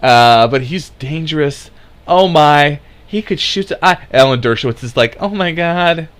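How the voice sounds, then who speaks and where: A man's voice: mid-range voice, animated, moderate pace, a bit bright. Sarcastic ranting man. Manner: sarcastic, mocking, swears freely. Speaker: commentator. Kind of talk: ranting political commentary.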